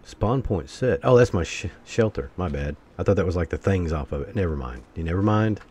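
A man's voice: low-pitched, expressive, brisk, a little mellow, husky. A man giving let's-play commentary, talking to himself and bursting into exasperated curses.

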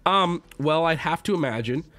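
A man chatting on a live stream with a fairly high voice that swings wildly up and down. He is excitable and swears casually, often jumping into loud, pitched-up outbursts before dropping back to easy chat. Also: normal speed. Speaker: streamer opening card packs.

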